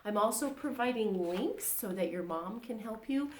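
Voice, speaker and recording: Animated woman reading a children's story. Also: on the high side, moderate pace, echoey room, a little hiss or hum. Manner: animated, asks children questions. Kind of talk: children's story read-aloud.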